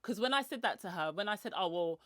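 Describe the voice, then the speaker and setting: A woman's voice: expressive, fast, fairly bright tone, no room sound, clean studio sound. A woman hosting her own podcast in a chatty, slangy way. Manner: chatty and slangy, acts out others' lines with big pitch jumps. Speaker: podcast host. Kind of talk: casual solo podcast chat.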